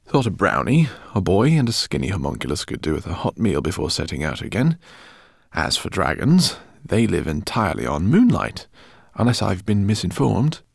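A man's voice: low voice, huge pitch swings, normal speed, gravelly, slightly rough, no echo, studio quality, exaggerated voice. A man voicing a kindly, bookish male professor who talks in a courteous, rambling way. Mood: genial. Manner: courteous, rambling, gently embarrassed. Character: kindly bookish male professor, middle-aged, fussy host.

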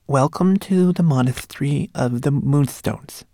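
A man's voice: a little high, warm tone, no echo, clean studio sound, voice pushed up. A man voicing a tiny, nervous male homunculus who whispers translations, in a storybook reading. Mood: eager. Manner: whispering translator, quick and eager.

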